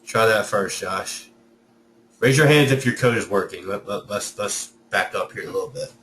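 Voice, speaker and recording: A man's voice: fairly low pitch, moderate pace, a bit bright. A man teaching students coding in a live online lesson, talking through each step and correcting himself as he goes. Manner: talks through code step by step, self-correcting. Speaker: coding instructor. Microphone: computer mic, sound reported as poor by students. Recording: echoey room, distant mic, faint hiss.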